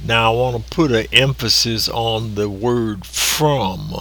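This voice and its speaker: Slow, deliberate preacher man. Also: medium pitch, a bit bright. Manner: slow and deliberate, drawn-out emphasis. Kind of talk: recorded sermon reading.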